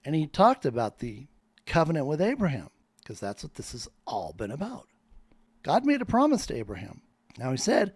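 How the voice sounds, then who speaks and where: A man's voice: a little high, wildly swooping pitch, moderate pace, a little mellow, breathy edge, no echo. Fervent man in a rambling monologue. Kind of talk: spoken monologue.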